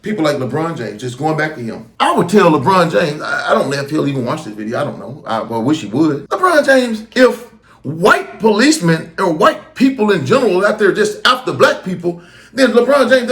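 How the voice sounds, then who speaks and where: A man's voice: high-pitched, big pitch swings, brisk, a bit bright. A middle-aged man giving emphatic, preachy commentary as host of his own channel. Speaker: host of a street talk channel. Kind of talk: impassioned commentary. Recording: roomy echo.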